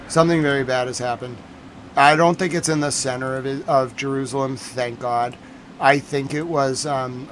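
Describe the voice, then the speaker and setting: A man's voice: medium pitch, fairly bright tone, a little hiss or hum. A man giving live-streamed commentary on breaking news, agitated and emphatic, repeating his points.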